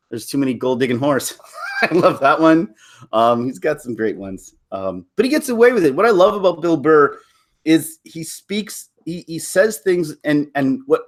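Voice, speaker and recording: A man from Toronto chatting casually to viewers on a live stream, rambling with frequent laughs and restarts. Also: medium pitch. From Toronto, Canada. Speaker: livestream host.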